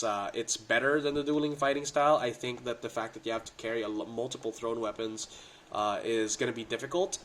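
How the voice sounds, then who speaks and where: Man, mid-pitched, stuffy with a cold; casual, slangy rules-breakdown host on a cheap home mic. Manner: excitable, slangy gamer talk. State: congested from a cold. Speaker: tabletop game rules commentator. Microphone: budget home recording setup.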